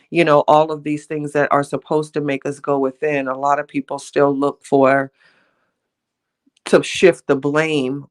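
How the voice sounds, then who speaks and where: A woman in her forties talks through a casual live stream in a reflective, conversational way. She keeps checking in with her listeners, leaning on little asides like "you know what I'm saying", and greets viewers warmly by name between thoughts. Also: low-pitched.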